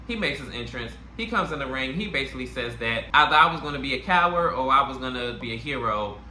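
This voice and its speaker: A man hosting a casual wrestling review channel, talking in an animated, slangy way with a New York accent. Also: mid-range voice, quick pace. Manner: animated, slangy, puts on playful voices. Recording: echoey room, faint noise.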